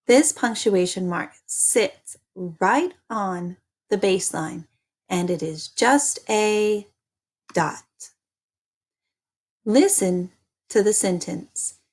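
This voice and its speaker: Very slow-speaking woman teacher. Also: mid-range voice, animated, darkish tone. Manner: slow, deliberate, repeating chants for children. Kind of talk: early-grade reading lesson.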